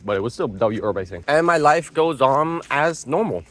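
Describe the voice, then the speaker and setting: A man's voice: medium pitch, moderate pace, few pauses. Slangy young man telling a wild story. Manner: slangy, rambling, excitable. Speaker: vlogger. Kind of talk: casual storytelling.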